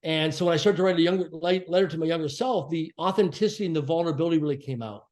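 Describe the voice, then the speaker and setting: A man as a podcast guest, telling a personal story in an earnest, reflective way and slowing down to stress key phrases. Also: on the high side, a little mellow. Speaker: podcast guest, author and speaker.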